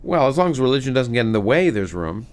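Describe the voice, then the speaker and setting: A middle-aged male physicist and author being interviewed, talking with animated enthusiasm and many restarts. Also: medium pitch, quick pace. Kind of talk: conversational interview, reading aloud from his book.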